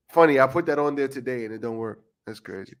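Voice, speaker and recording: A man's voice: medium pitch, a little fast, clear, resonant tone. A tired man co-hosting a casual podcast livestream, rambling, joking at himself and swearing often. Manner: rambling, self-mocking, swears a lot. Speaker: podcast co-host.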